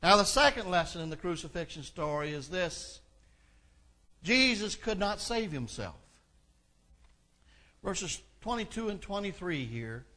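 Man preaching a sermon, bright and forceful tone, earnest and building. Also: high-pitched, big pitch swings, measured pace, long pauses. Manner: reads scripture aloud, then explains it in an earnest, building delivery. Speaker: pastor.

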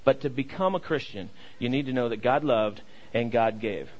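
A man's voice: medium pitch, moderate pace, a little mellow, low-quality recording. A young adult male pastor giving a sermon, repeating key phrases and leading the congregation in call and response, with frequent stammers and restarts.

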